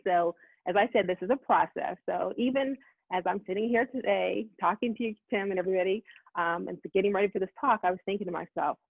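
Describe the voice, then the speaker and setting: A middle-aged woman giving a motivational talk, talking fast and acting out her own inner voice. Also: mid-range voice, vocal fry, husky, no echo. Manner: fast-talking, animated self-talk quotes. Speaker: summit speaker. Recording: tinny phone-like line, dry.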